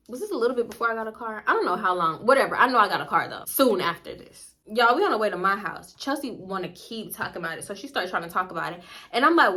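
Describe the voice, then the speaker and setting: A young woman vlogger telling a story in blunt, profane, animated casual chat. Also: fairly high pitch, fast.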